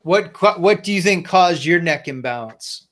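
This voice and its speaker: A man's voice: a little high, lively intonation, normal speed, a bit bright. A man hosting a casual podcast as a martial arts instructor, steadily explaining and steering the talk.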